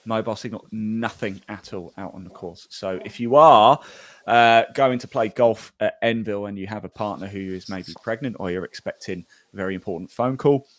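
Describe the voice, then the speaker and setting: A man's voice: fairly low pitch, moderate pace, no room sound. A man hosting a golf podcast, chatting casually and reading out scores with fillers and laughs. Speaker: podcast host. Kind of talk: casual golf news chat.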